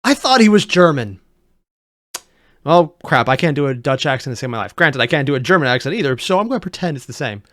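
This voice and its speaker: Reactor, sarcastic, animated pitch, dry close mic. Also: quick pace, dry recording. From United States. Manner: sarcastic, jokey, swings between loud outbursts and mutters. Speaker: video reactor. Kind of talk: casual reaction commentary.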